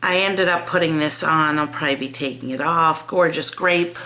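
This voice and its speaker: A low-pitched woman with a sharp tone talks through lipsticks and nail polish in a casual home product review. She moves at a moderate pace, rambling, trailing off, restarting, and poking fun at herself.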